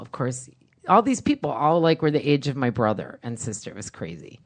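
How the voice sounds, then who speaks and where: Deep-voiced chatty woman telling stories. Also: moderate pace. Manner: chatty, animated storyteller. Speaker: podcast co-host. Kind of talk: casual storytelling chat.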